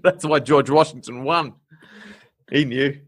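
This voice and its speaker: An Australian man who hosts a podcast tells a story in casual chat, his mid-range voice unhurried and fairly bright. He's chatty and laughs often, using plenty of fillers.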